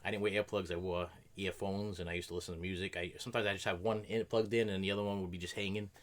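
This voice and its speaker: A middle-aged man with a low, deep voice rambles through a casual chat, stacking fillers and restarts. His talk runs quick, tumbling from one thought into the next. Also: little pitch movement. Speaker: react video host.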